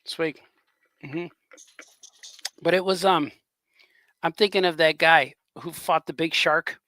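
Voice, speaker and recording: Slow and steady in tone, this man's fairly high voice comes across pushed and bright, with no room sound around it. He is a cartoonist co-hosting a casual livestream chat, rambling, laughing frequently, and lapsing into grunting impressions.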